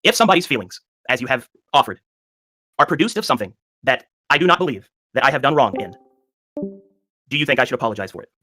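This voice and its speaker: Fast, bright-voiced man arguing on call. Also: mid-range voice, big pitch swings, no room sound. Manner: defensive, insistent, voice rising then apologetic. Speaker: group leader facing criticism. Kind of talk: tense voice-chat argument.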